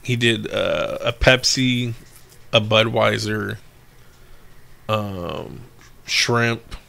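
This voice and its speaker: A man's voice: fairly low pitch, very slow, gravelly, bright, forceful tone. A man in casual chat, telling a story animatedly, acting out what people said and swearing freely. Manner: storytelling with lots of acted-out quotes and laughs.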